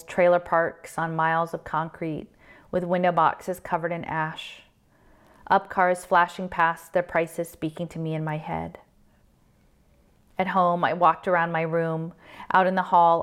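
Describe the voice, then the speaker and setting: A woman reading a novel aloud in a low voice. Her narration is steady and subdued, with a flat, even pitch that barely rises or falls. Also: clear, resonant tone. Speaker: reader.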